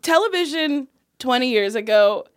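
A woman guest chatting casually on a podcast, animated and playful, often laughing. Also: high voice, moderate pace, no room sound, studio quality. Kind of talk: casual chat.

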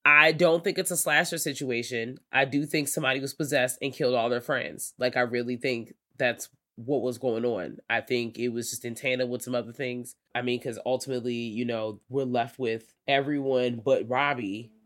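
A podcast co-host chatting casually about found footage films, swearing freely and leaping higher when acting out reactions. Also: normal speed, few pauses. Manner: animated, profane, leaps high when acting out reactions. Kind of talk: casual film review chat.

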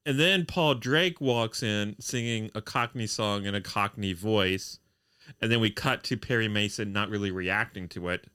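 A man's voice: on the low side, moderate pace, bright, forceful tone, smooth. A man co-hosting a casual chat about an old TV show, retelling scenes with dry humor. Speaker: podcast co-host.

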